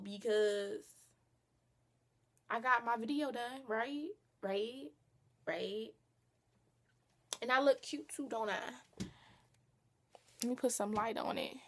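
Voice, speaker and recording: A woman's voice: on the high side, fairly bright tone. A young woman chatting casually to her camera in a vlog, playful, slangy and teasing herself. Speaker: vlogger.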